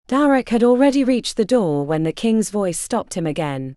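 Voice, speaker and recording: A woman narrates a romance novel with expressive, dramatic delivery. Her pitch rises and falls in a lively way over a mellow tone, and the recording is dry and close. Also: moderate pace, hardly any pauses, no echo. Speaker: audiobook narrator. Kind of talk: scripted narration.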